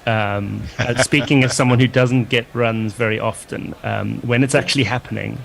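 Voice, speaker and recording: A man's voice: medium pitch, steady tone, normal speed, gravelly, a little hiss or hum, low-quality recording. A man co-commentating on cricket with dry, musing humour in a casual chat.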